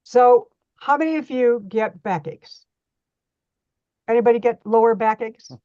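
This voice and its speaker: A woman's voice: on the high side, unhurried, no room sound, highs cut off. A middle-aged woman teaching a hands-on reflexology workshop, chatty and folksy as she demonstrates on a model foot.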